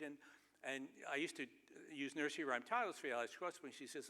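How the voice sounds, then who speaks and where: Bright-voiced man telling wry stories in a theater. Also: medium pitch, fast talker. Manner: wry, self-deprecating storytelling with chuckles. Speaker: keynote speaker. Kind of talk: humorous anecdotal speech. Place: large theater stage. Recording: long reverb of a large theater.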